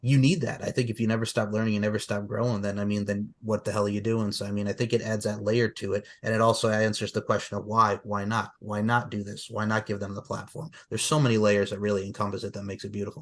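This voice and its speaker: A man hosting a podcast, talking energetically and at length, with a lively, enthusiastic manner as he addresses his guest and the audience. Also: lowish voice. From New York. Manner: fast, animated, talkative. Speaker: podcast host. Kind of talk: casual interview chat.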